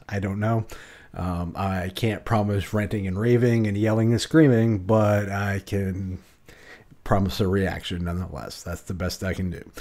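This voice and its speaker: A man's voice: lowish voice, mellow. A man hosting a casual reaction video, talking bluntly with swearing and restarts. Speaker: channel host reacting to a video.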